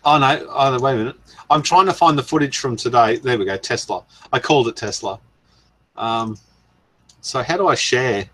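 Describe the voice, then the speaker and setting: A man's voice: mid-range voice, moderate pace, sharp tone. A man hosting a casual live stream, rambling and chuckling as he goes through viewer comments. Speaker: channel host.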